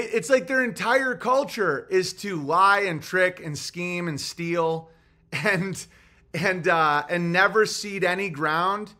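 Man, host, rambling livestream talk, tense bright voice, crude and provocative. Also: sits high. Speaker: comedian and show host. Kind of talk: casual livestream monologue.

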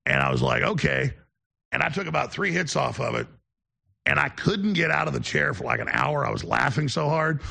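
A man's voice: on the high side, huge pitch swings, brisk, vocal fry, bright, forceful tone. A man hosting a show, telling long rambling anecdotes in a casual on-air manner. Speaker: show host.

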